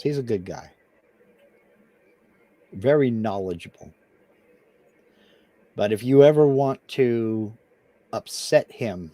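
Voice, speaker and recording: A man's voice: lowish voice, warm tone, no room sound. A man co-hosting a live stream, chatting in a dry, laid-back way and reading viewer comments aloud. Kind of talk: casual live stream chat.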